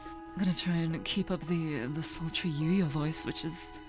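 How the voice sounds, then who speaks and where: A woman streamer chatting casually as she reads through a game on a live stream, tossing in quick asides. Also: low-pitched, music in the background.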